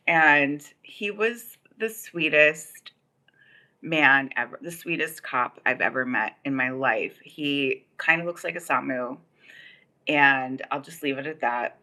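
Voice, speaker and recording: Unhurried and sharp, with a low pitch, a Los Angeles-area woman rambles through a long personal story while hosting a casual livestream. She fills it with many "like"s and "um"s.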